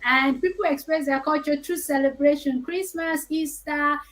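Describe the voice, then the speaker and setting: A woman with a Nigerian accent leads a relaxed teaching discussion, with a fairly high voice. She explains patiently and cracks jokes along the way. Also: moderate pace, rough recording. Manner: chatty, explaining, joking. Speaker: host. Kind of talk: casual educational discussion.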